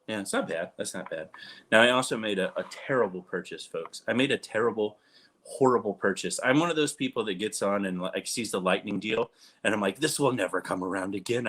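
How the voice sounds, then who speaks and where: With a fairly low, fairly bright voice, a thirtysomething vlogger rambles casually to camera. He teases himself and keeps restarting what he's saying.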